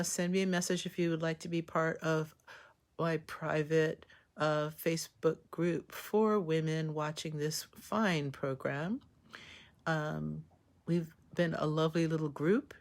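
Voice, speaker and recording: Slow, gravelly-voiced woman reacting emotionally. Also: sits low, steady tone. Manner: emotional, exclaiming commentary. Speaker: show reaction host. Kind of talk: live episode reaction.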